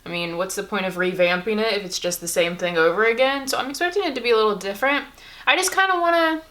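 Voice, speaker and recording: A beauty vlogger in her twenties chats casually at home while getting ready, rambling with lots of fillers in a get-ready-with-me video. Her medium-pitched, slightly bright voice is fast and is picked up by a camera-mounted shotgun mic.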